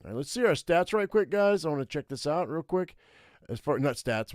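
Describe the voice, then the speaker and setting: A man's voice: on the high side, animated, brisk, no room sound, clean studio sound. A man streaming a live text adventure, thinking aloud and reading the story with many hesitant fillers. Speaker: streamer playing an interactive fiction game.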